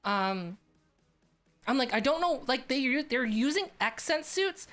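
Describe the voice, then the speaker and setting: A woman's voice: high-pitched, lively intonation, unhurried, a bit bright, faint music behind. A woman streaming live, chatting casually and rambling with lots of fillers. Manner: rambling, filler-heavy, restarts often.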